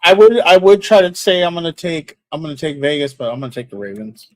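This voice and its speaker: Higher-voiced man hosting football picks. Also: very animated, fast, no echo. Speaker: podcast host. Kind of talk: casual sports chat.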